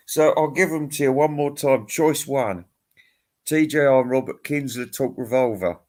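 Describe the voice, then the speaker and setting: A man's voice: mid-range voice, normal speed, darkish tone. A middle-aged man in a casual, rambling monologue. He sounds tired, swears freely, rants and chuckles as he goes. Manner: profane, ranting, chuckling. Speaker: music vlogger.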